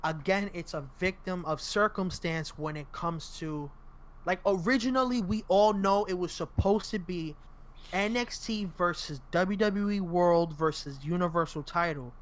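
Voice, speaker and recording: A man co-hosting a casual wrestling podcast, talking fast and profanely and breaking into loud impressions. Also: high voice. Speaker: podcast co-host. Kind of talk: casual wrestling review chat.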